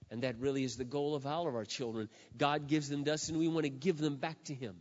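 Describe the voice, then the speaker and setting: A middle-aged man preaches a sermon from the pulpit. He leans hard on key words, then drops to a hush. His voice echoes through a large hall on a dull, lo-fi recording. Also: mid-range voice, steady tone. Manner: emphatic, drawn-out stresses, shifting from loud to hushed. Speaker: pastor.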